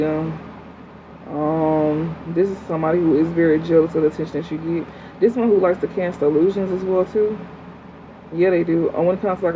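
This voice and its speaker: A tarot reader doing a livestream reading and answering chat in a blunt, profane, fast, slangy way. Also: medium pitch. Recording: phone-like audio with faint hum.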